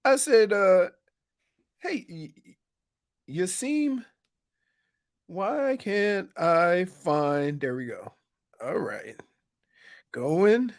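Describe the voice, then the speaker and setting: A man's voice: high voice, very animated, extremely slow, long pauses. A man co-hosting a sports radio show, telling jokey stories in casual banter and laughing at his own lines.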